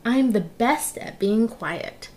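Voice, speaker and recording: A woman voicing an eager male lion detective who is crazy about food, with a slow, drawn-out, playful delivery. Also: fairly high pitch, lively intonation, a little mellow.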